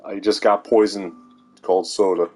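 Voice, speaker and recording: A man's voice: sits low, little pitch movement, normal speed, a little mellow, soft background music. A man rambling to viewers in a sardonic monologue, swearing and laughing at his own jokes. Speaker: vlogger.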